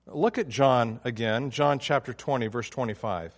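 A man's voice: medium pitch, normal speed, long reverb tail. A man preaching a sermon, emphatic and often restarting his phrases. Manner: emphatic, with frequent restarts and fillers.

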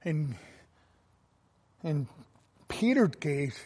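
A man's voice: a little high, big pitch swings, extremely slow, darkish tone, breathy edge, in a large hall. A man preaching a sermon, reading scripture aloud and stressing key words with emphasis. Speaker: pastor.

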